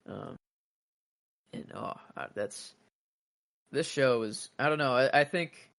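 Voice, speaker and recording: A man's voice: mid-range voice, slow pace, vocal fry, a bit bright, no echo. Rambling man in casual podcast chat. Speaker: podcast co-host.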